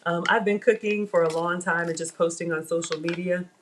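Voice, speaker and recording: Middle-aged woman host, slightly low-pitched, talks casually to her stream audience while cooking at home. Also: fairly even intonation, a little fast, slight background noise. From Africa. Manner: chatty, addresses viewers as y'all. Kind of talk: live cooking stream chat. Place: home kitchen.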